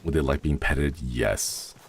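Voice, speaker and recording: A man streaming a game from home and chatting casually. He is sleepy and yawning, and he muses dreamily with soft exclamations of delight. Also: very deep voice, a little slow, gravelly, a little hiss or hum. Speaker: livestreamer. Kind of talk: casual gameplay commentary.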